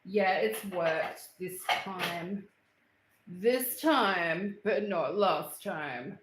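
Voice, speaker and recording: An Australian woman hosts a casual livestream from home, chatting playfully with viewers in slang as she moves into the kitchen. Her voice is fairly low and she speaks extremely slowly. The home recording sounds roomy, with heavy background noise.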